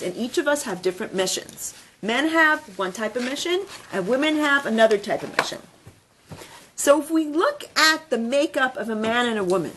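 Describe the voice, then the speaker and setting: Animated woman teacher, high lively voice. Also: slight background noise. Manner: animated, chatty, many fillers. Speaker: rebbetzin teaching a women's class. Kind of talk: storytelling lesson.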